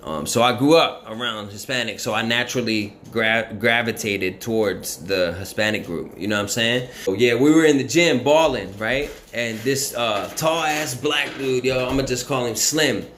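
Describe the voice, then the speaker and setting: Sex: man. Role: vlogger. Style: casual storytelling. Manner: rambling and profane, heavy on fillers. Pitch: mid. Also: normal speed, hardly any pauses, a bit bright, slight background noise. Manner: rambling, profane, constant "you know what I mean" fillers. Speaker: vlogger telling his life story.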